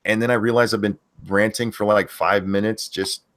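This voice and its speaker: A man's voice: on the low side, steady tone, normal speed, fairly bright tone. A man hosting a livestream, ranting bluntly and swearing a lot. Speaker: channel host. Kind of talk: profane ranting commentary on a stream.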